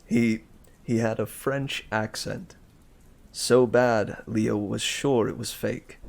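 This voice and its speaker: Slow, gravelly man reading aloud. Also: lowish voice. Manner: slow, relaxed, chatty asides to listeners. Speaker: storyteller. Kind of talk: casual read-aloud storytelling with asides.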